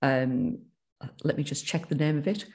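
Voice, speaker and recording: Northern English speaker for a casual podcast chat: gravelly, mid-pitched, talks in loose runs full of restarts and fillers. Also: moderate pace, a little mellow. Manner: rambling, many restarts and fillers.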